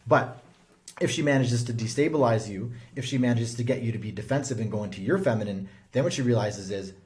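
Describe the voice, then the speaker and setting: A man's voice: medium pitch, quick pace, darkish tone. A man speaking as a relationship coach, giving earnest, emphatic advice straight to camera. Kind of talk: direct-to-camera advice talk.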